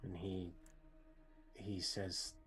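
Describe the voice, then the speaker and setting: A man narrating a tabletop game as game master, painting scenes slowly with restarts and filler words. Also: sits low, level tone, soft background music. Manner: slow, descriptive narration with frequent restarts and softening fillers.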